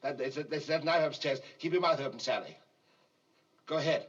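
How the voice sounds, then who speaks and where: Man directing kids on a film set, coaxing and patient, kinda high voice, heard from far off with hissy muffled old audio. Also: moderate pace. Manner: coaxing, patient, repeats instructions, calls the child darling. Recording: hiss-laden muffled archival recording from a distance.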